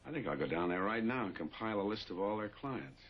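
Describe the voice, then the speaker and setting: An actor playing a calm, dry-witted professor who helps the police, polite but firm. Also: male voice, lowish voice, fast talker. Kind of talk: 1960s TV drama acting. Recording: dull old TV soundtrack, hiss.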